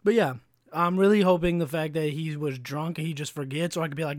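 A man's voice: fairly high pitch, steady tone, fast talker, no room sound, studio quality. A young man in his twenties, telling a rambling, profane story on his podcast, with plenty of likes and ums. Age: 20s. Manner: rambling, profane, full of fillers. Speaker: podcast host. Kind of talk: casual storytelling monologue.

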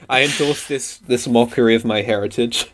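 A man's voice: mid-range voice, background noise. A man co-hosting a podcast, making wry quips and laughing often. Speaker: podcast co-host. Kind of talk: casual podcast banter.

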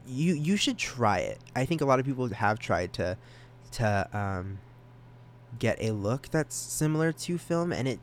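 A teenage boy hosting his own podcast, rambling and self-deprecating, giggling and jumping into sudden high silly voices. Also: slight background noise. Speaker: podcast host.

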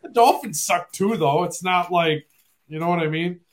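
A man hosting a casual sports podcast, animated and quick to laugh at himself. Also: sits high. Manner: animated, laughing, self-deprecating. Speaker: podcast host.

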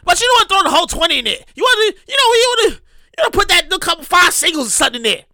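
A person telling a casual story in a monologue, profane and animated, repeating phrases for emphasis. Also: extremely high pitch, very fast, no room sound, studio quality.

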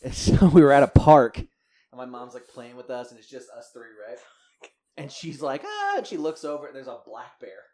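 A man co-hosting a podcast, telling family stories in a casual, animated way and acting out his relatives. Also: medium pitch, a little fast. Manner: animated, laughing storyteller who acts out family members. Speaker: podcast co-host. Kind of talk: casual storytelling chat.

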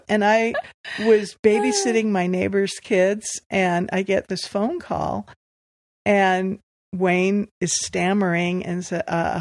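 A woman from Southern California tells personal stories as a podcast guest. Her voice sits in a middle pitch, and she breaks into laughter often. The recording is dry, with no room sound. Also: no room sound. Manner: lively, laughs often while telling stories. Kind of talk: storytelling in conversation.

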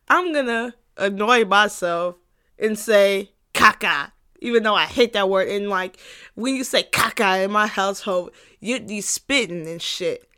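Bright, forceful, clear, and resonant, her medium-pitched voice carries a laid-back solo podcast. The host hammers her points home by repeating them, curses a lot, and keeps the mood playful, laughing often.

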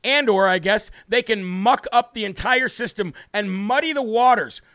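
An American man hosts a political livestream from his home studio, a city view behind him, reading viewer comments brashly and hammering key words. His voice is high, pushed and bright, at a moderate pace, with clean studio sound and no echo.

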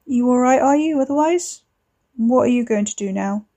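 A woman's voice: fairly high pitch, normal speed, warm tone, voice pushed up, natural voice. A woman voicing a cocky young man who mocks and taunts his cousin over the phone. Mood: taunting. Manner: smug, mocking, drawling.

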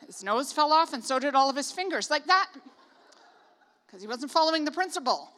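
A woman's voice: high voice, lively intonation, brisk, fairly bright tone. A Canadian woman preaching a casual sermon, chatty and joking with lots of "like" asides. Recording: reverberant hall.

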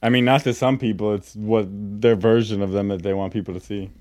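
A man's voice: lowish voice, steady tone, a little fast, darkish tone, no room sound. A man co-hosting a casual podcast, teasing his friends with dry sarcasm. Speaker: podcast co-host.

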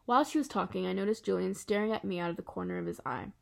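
A woman reading a first-person children's novel aloud in an earnest, soft storytelling manner. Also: mid-range voice, very animated, rapid-fire, vocal fry. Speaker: audiobook reader.

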